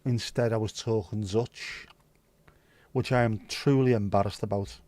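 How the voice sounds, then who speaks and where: A man's voice: on the low side, steady tone, unhurried, a little mellow, no room sound. A man hosting a livestream, chatting casually with viewers, rambling and musing aloud with plenty of swearing. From Wales. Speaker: livestream host.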